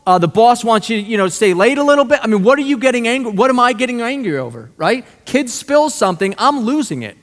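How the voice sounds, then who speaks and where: A male pastor preaching a sermon, animated and conversational, full of rhetorical questions. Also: very high voice, fast talker, hardly any pauses. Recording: long hall reverb.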